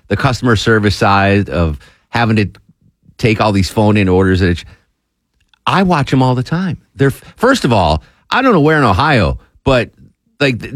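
A man co-hosting a podcast, telling stories in a casual chat and jumping high in pitch when amused. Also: no room sound, studio quality. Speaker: podcast co-host.

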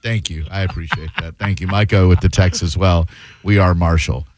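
A man's voice: deep voice, steady tone, brisk, no echo. Loose, joking male radio host. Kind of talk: casual radio talk show. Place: radio studio. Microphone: studio mic.

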